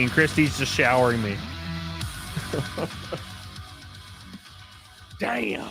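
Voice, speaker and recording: A man hosting a casual live stream, joking crudely and thanking viewers by name, jumping from loud outbursts to quiet muttering. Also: mid-range voice, animated, a little slow, long pauses, faint music behind. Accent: Southern American. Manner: crude, joking, reads and thanks super chats aloud. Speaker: livestream host.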